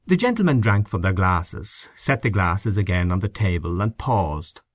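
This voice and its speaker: A male audiobook narrator with a fairly low voice and lively, expressive intonation. He reads literary fiction at a measured pace, and the recording is dry and close. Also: dry recording.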